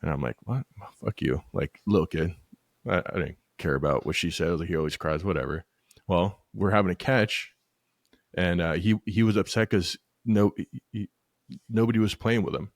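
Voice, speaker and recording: A man's voice: low-pitched, moderate pace, no room sound, clean studio sound. A man hosting a casual podcast, telling stories bluntly with plenty of swearing. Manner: blunt, swears freely, animated storytelling. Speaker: podcast host.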